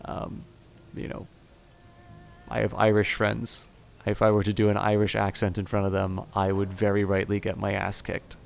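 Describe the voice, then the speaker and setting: Gravelly, apologetic man. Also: on the low side, monotone, normal speed, a little hiss or hum. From Canada. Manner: apologetic, rambling with restarts. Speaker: streamer. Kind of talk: casual chat and reading a game aloud.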